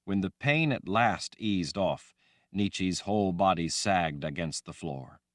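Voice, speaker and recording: A man reading a fantasy audiobook aloud in a dramatic, expressive way. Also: sits low, takes it slowly, no echo, studio quality. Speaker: audiobook narrator. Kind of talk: scripted fantasy audiobook narration.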